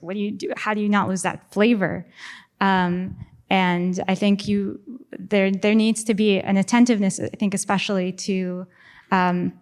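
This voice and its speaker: A young woman taking part in a panel discussion, with a voice of ordinary middle pitch. She speaks thoughtfully and in a halting way, with fillers and restarts as she searches for the right words. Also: darkish tone. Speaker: translator and scholar on a panel.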